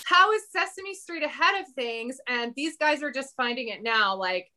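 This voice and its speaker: Bright, animated young woman. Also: high voice, normal speed. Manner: animated, laughing storyteller. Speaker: podcast guest, sister. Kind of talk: casual chat.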